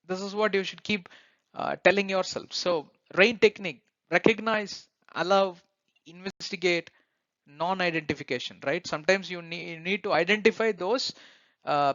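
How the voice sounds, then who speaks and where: A man's voice: high voice, fairly bright tone, dry recording, highs cut off. A man hosting a self-help channel, giving an earnest motivational talk, repeating points and often checking in with "right?", with many fillers and restarts. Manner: earnest, repetitive, asks listeners "right?"; many fillers and restarts, non-native phrasing.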